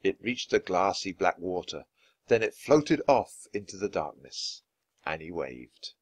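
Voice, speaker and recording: A man reading a children's book aloud, with expressive, lively narration. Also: sits low, a little slow, husky, no echo. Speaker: storyteller.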